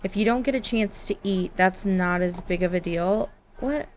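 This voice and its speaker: A woman's voice: mid-range voice, normal speed, hardly any pauses, slight background noise. A woman doing casual, chatty gameplay commentary from her home office, giggling and talking to her game characters. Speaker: gaming YouTuber.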